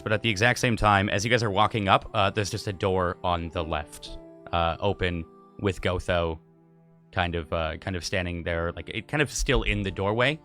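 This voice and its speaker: Bright-voiced man running a tabletop game. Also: sits low. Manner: halting, many fillers and restarts. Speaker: game master.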